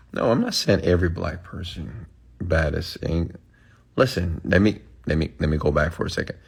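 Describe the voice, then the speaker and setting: A man's voice: low-pitched, animated, a little slow, vocal fry, long pauses, slightly rough. A man ranting emphatically on a live stream, answering chat comments and preaching to his followers with repeated "okay?"s.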